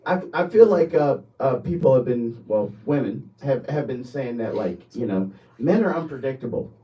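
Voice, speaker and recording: A podcast co-host, a man in a casual chat, speaks haltingly, often stopping and restarting his sentences and breaking into higher, louder, animated bursts. He sits distant from the mic, and the lo-fi recording sounds dull.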